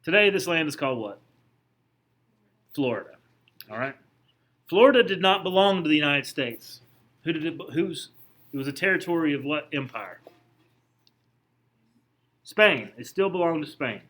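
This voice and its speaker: A man's voice: on the high side, expressive, moderate pace, long pauses, fairly bright tone. A man teaching a history class, lecturing conversationally and asking his students questions as he points things out. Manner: conversational, asks the class questions, frequent restarts.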